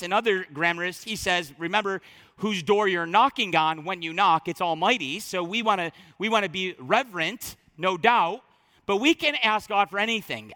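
Male pastor, sermon delivery, high bright tone, emphatic repetition, reverberant sanctuary. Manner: emphatic, repeats phrases for stress.

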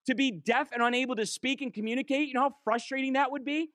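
A man preaching a sermon in church, impassioned, swinging between quick urging runs and slow, drawn-out emphasis. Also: very high voice, fairly even intonation, a bit bright, dry recording, studio quality.

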